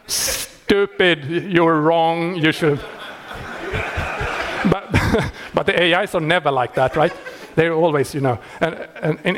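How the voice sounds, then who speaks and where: A man who maintains a software project, talking casually and wryly, laughing often and restarting his sentences. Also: fairly high pitch, breathy edge. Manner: wry and animated, laughing often, many restarts. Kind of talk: casual explanatory talk.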